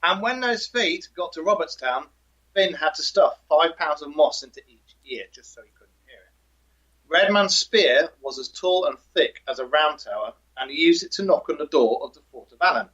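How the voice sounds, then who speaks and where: A man's voice: a little high, animated, moderate pace, fairly bright tone, husky. A male co-host of a live show, chatting and reading a folk tale with dry humor. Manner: dry, jokey storyteller. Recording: dull lo-fi audio.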